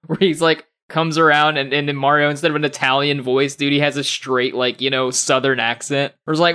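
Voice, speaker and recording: A young man co-hosting a casual gaming podcast, animated and laughing often, with lots of fillers and restarts. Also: on the high side, normal speed, clean tone. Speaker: podcast co-host.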